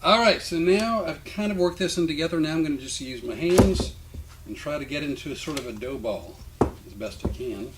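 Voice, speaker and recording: A man's voice: a little high, lively intonation, brisk, noisy background. A man hosting a casual cooking demonstration in a home kitchen, joking as he talks through each step. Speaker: cooking show host.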